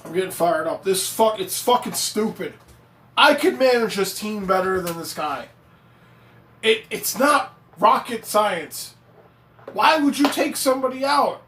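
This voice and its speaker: A man's voice: high voice, lively intonation, normal speed, a bit bright. A man ranting on a live stream as a fan reacting to a game, swearing freely, getting fired up and reading viewer chat aloud. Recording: echoey room.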